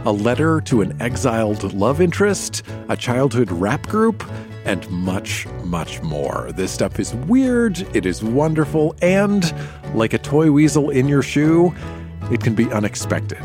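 Guy hosting a show, lively up and down voice, guitar playing behind him. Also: medium pitch, a little slow. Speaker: host. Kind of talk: scripted show introduction. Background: guitar music.

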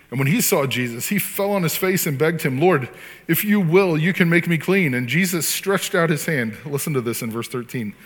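A man preaching a sermon, reading scripture and then teaching in a casual, animated way, acting out quotes with sudden loud voices. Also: medium pitch, in a large hall. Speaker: pastor.

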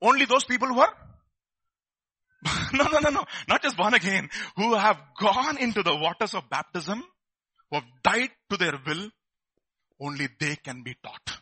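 A man preaches a lively sermon at a moderate pace in a high-pitched voice, pausing often, on a slightly rough, dry recording. He asks rhetorical questions and plays the people in his stories.

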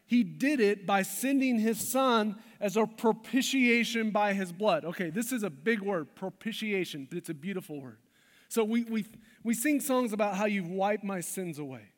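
A man preaching a sermon as pastor, emphatic, swinging between loud stressed phrases and hushed ones. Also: sits high, moderate pace. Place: church hall. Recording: long hall reverb.

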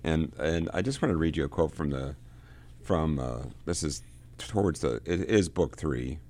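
Man with a super low creaky voice going over a book, stops and restarts a lot. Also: animated, a little mellow. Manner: halting, often repeats words while reading and explaining. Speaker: book discussion leader. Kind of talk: casual spoken book discussion.

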